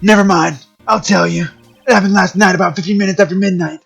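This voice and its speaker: A man voicing a gruff, loyal male police detective who barks and blusters at his underlings while reading game dialogue on a stream. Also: sits high, fairly even intonation, quick pace, a bit bright, dull audio, soft background music, voice pushed up, full character voice. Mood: blustering.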